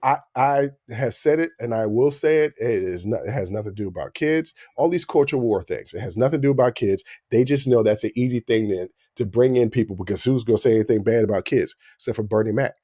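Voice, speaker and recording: A man in his forties from the United States co-hosting a podcast, talking in an animated, joking way and jumping between points. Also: mid-range voice, fast talker, hardly any pauses, no echo, clean studio sound. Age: 40s. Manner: animated, jokey, talks over his co-host. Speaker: podcast co-host. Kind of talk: casual chat.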